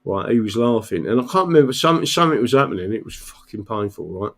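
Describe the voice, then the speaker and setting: A man's voice: medium pitch, animated, quick pace, fairly bright tone. Give me an older man telling meandering stories in casual chat, peppered with swearing. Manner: rambling, swears, tags lines with "right?".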